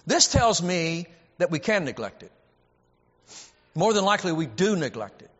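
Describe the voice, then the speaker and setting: A man's voice: on the high side, sing-song, normal speed, a bit bright, slightly rough. A man preaching a sermon, emphatic and repetitive, often stammering as he restarts a phrase. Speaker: preacher and Bible teacher. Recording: dull audio with long hall reverb.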